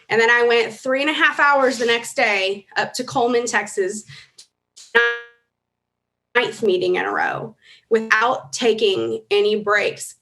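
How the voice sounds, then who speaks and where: Woman, motivational stage talk, emotional, urgent, somewhat high pitch. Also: fairly bright tone. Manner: emotional, earnest, rising to urgent exhortation. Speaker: convention speaker. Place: large convention hall.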